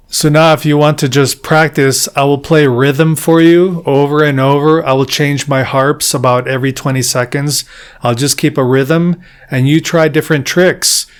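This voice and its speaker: A man teaching beginners to play the jaw harp, walking through each technique patiently in a mid-pitched voice. He is quick to poke fun at his own attempts. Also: smooth. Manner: patient, step-by-step explaining; self-deprecating about his playing. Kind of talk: instructional tutorial.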